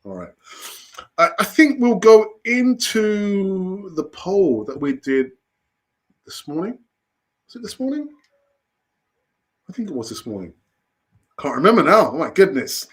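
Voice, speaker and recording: A man's voice: sits high, sing-song, unhurried, pauses often. A man hosting a live football news stream, talking animatedly and repeating his phrases. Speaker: football channel host.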